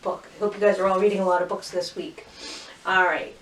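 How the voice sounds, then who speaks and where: A woman teaching a phonics lesson to young children, cheerfully sounding out words and syllables slowly and clearly. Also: on the low side, flat delivery, recorded from a distance, a little hiss or hum. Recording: roomy echo, voice from off mic.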